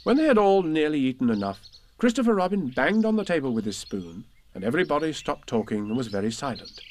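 A man reading a children's storybook aloud in a gentle, measured way. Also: on the high side, big pitch swings. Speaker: narrator.

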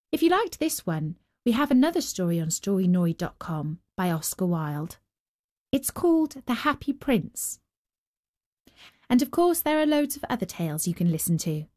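A woman hosting and narrating a fairy tale with gentle, expressive storytelling. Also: mid-range voice, moderate pace, long pauses. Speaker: storyteller and host.

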